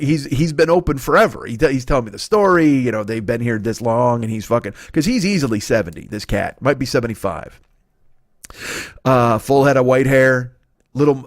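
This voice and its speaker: A man in his forties hosting a comedy podcast, telling a story in a profane, animated, exaggerating way. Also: mid-range voice, dry recording, studio quality. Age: 40s.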